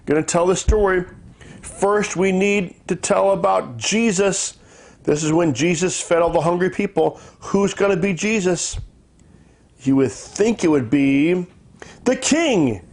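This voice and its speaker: A man with a slightly high, gravelly voice tells a children's story as a dad would at bedtime. He talks in a playful, chatty way and keeps asking his young listeners questions. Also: darkish tone. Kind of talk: bedtime story telling with toys.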